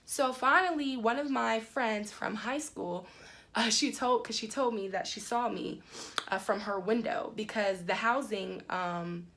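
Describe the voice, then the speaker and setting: Speaking a little slowly, a young woman vlogger relates a story in a loose, lively way packed with filler words. Her pitch climbs high whenever indignation kicks in.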